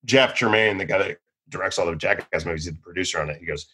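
A man in his thirties, a comedian guest, telling stories in a rambling, animated way with quick bursts of acted voices. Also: low-pitched, husky. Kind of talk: casual storytelling interview.

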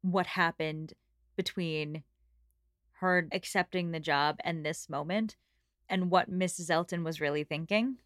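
A woman co-hosting a book podcast, wry and animated as she riffs on the characters. Her voice sits dry and close, with no room sound. She talks in an easy, conversational way. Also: lowish voice, measured pace, no room sound. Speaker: podcast co-host. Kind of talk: casual book discussion.

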